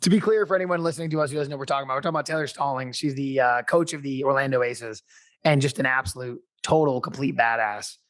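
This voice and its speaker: A man's voice: medium pitch, fast talker, fairly bright tone. A man coaching and hosting a podcast, asking questions in an easygoing casual chat. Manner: easygoing, laughs along.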